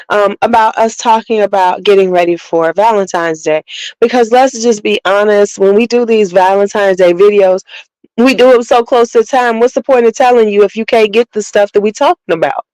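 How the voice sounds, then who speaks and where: A woman's voice: medium pitch, steady tone, moderate pace, a little mellow, no room sound, rough recording. A woman from Chicago hosting a casual beauty livestream, chatting candidly, rambling and greeting viewers by name.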